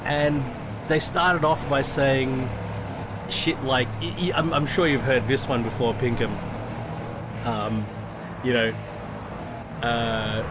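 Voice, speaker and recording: A middle-aged man with an Australian accent chats casually, tripping over his words and swearing as he tells a story. His voice sits in an ordinary middle pitch. Steady background noise runs under the recording. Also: slow pace, pauses often. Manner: profane, rambling, with frequent restarts. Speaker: sim racing streamer.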